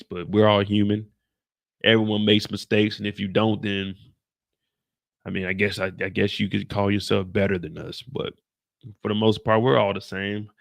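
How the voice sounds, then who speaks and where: A young man from Kansas City hosting a casual livestream, talking loud and jokey and pushing his voice up to entertain. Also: lowish voice, moderate pace, creaky. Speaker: host of a TV show recap livestream.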